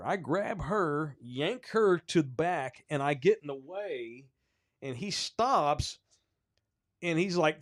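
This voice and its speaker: A man co-hosting a sports podcast, telling a story in casual, animated, profane talk. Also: a little high, a little slow. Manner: animated, profane, rising when excited. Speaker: podcast co-host.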